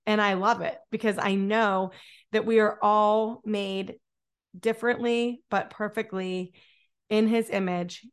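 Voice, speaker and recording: A woman's voice: medium pitch, steady tone, measured pace, clean tone. Woman podcast host, encouraging and upbeat, repeats words for emphasis, solo talk.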